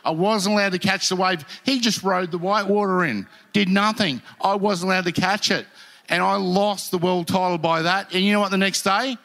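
A man's voice: sits high, normal speed, fairly bright tone. A man telling surfing stories in casual chat, heated and swearing. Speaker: podcast guest, former pro surfer.

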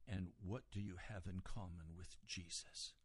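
Slow, deliberate male preacher. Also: deep voice, fairly even intonation, breathy edge, no room sound. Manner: deliberate expository preaching, pausing on key words. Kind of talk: sermon.

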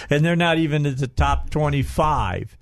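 A man hosting a casual radio talk show, rambling and chatty, often trailing off and restarting his sentences. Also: fairly high pitch.

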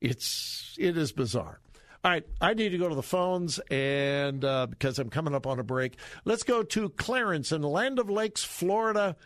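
A male talk radio host delivers emphatic, indignant commentary in a fairly high voice that swings widely in pitch. His studio mic sounds close and dry. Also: lively intonation, normal speed, fairly bright tone, no echo. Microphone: studio microphone.

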